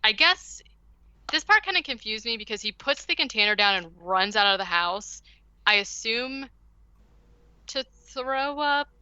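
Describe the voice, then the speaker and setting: A woman's voice: fairly high pitch, lively intonation, a little slow, sharp tone, clear, resonant tone, no echo, highs cut off. A woman podcast host casually recapping a movie, rambling with lots of "like" and "um". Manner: rambling, heavy use of "like" and "um".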